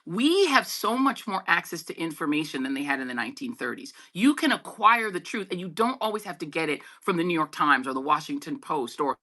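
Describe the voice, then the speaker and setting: A woman's voice: big pitch swings, brisk, few pauses, pushed and bright. A middle-aged woman, a guest journalist, talking politics in an emphatic, conversational way and calling listeners y'all. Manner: emphatic, swings pitch widely, talks to listeners as y'all.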